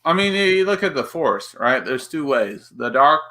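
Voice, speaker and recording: A man chatting casually on a stream, rambling and animated with lots of filler words. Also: on the high side, normal speed. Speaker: guest on a stream. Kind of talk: casual chat.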